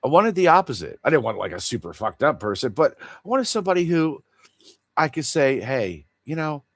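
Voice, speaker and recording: A man's voice: fairly high pitch, big pitch swings, a little fast, a bit bright, no echo. A man hosting a casual livestream chat, rambling in an earnest and confessional way. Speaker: livestream host.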